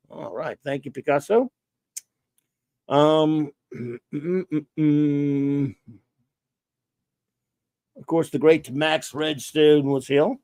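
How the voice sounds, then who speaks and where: A man hosting a casual livestream, rambling and chatty as he greets viewers by name one after another. His voice sits a bit high for a man and sounds dry and close, with no room around it. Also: a little mellow, no echo. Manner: rambling, reads out viewer names and thanks them. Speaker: livestream host.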